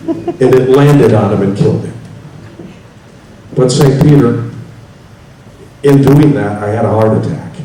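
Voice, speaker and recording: A man voicing a jealous husband in a joke, telling his story in a low, deadpan way. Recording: echoey hall from far off, faint hiss.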